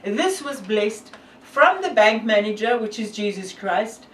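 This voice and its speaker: A woman's voice: on the high side, big pitch swings, measured pace, fairly bright tone, reverberant, far from the mic, slight background noise, low-quality recording. A woman from South Africa with a South African accent, talking earnestly and devoutly to camera with many fillers. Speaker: hiker and vlogger. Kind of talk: casual talk to camera.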